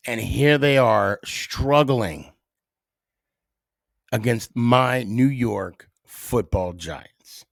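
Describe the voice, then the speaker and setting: A middle-aged man hosting a casual solo podcast, telling stories with dramatic pauses. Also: medium pitch, vocal fry, dry recording, studio quality. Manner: animated storyteller with dramatic pauses. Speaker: podcast host.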